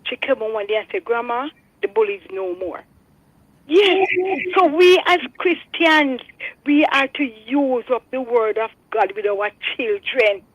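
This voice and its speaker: A woman's voice: high-pitched, unhurried, no echo. An older Jamaican woman calling in to a radio show, earnestly telling her story and repeating herself like a preacher. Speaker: radio caller. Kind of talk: phone-in testimony. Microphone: telephone. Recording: phone line.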